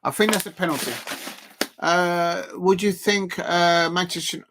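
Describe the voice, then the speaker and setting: A man's voice: sits high, fairly even intonation, unhurried, fairly bright tone, slight background noise. A man streaming a live football reaction, chatty and laughing, calling out his viewers. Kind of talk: live match reaction commentary.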